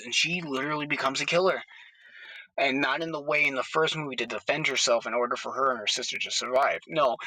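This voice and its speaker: A man's voice: medium pitch, pushed and bright, no room sound, poor audio. A man in a casual, blunt and profane vlog monologue, recorded on a phone inside his car. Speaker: horror movie vlogger. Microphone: phone held away from the mouth.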